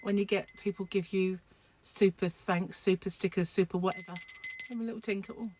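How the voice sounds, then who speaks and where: A woman's voice: mid-range voice, fairly even intonation, a little fast, noisy background. A sleep-deprived woman, rambling casually to camera in a home vlog, full of fillers and restarts. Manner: rambling, chatty, many fillers. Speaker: vlogger.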